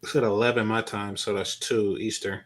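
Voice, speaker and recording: A man who is a guest on a casual podcast, talking in a hesitant, halting way with many fillers. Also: fairly low pitch, flat delivery. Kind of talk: casual chat.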